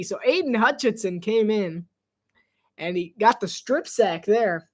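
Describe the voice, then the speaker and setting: A man's voice: high-pitched, lively intonation, measured pace, a little mellow. A man doing casual live play-by-play commentary on his own, chatty and self-deprecating and laughing often. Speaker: solo sports commentator.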